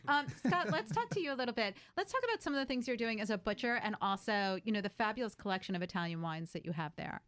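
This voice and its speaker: A woman's voice: mid-range voice, animated, quick pace, few pauses, fairly bright tone. A woman hosting a talk show, interviewing guests in a chatty, enthusiastic way. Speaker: radio talk show host. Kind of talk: live interview chat.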